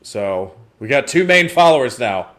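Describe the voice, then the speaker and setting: Dude rambling through a movie recap, laughs a lot, cusses a ton, regular voice. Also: male voice, medium pitch, big pitch swings, unhurried, a bit bright. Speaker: podcast co-host reviewing a movie. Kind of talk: casual chat.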